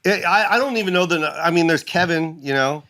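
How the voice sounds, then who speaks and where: A man's voice: on the high side, brisk, pushed and bright. A man talking casually as a podcast guest, joking and laughing, often repeating himself. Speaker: guest comedian. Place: podcast studio.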